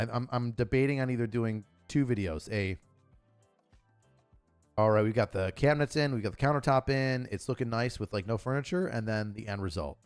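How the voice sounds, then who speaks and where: A man hosting his own live stream, talking casually in a loud, crude, joking and rambling way. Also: fairly low pitch, clean tone. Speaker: channel host.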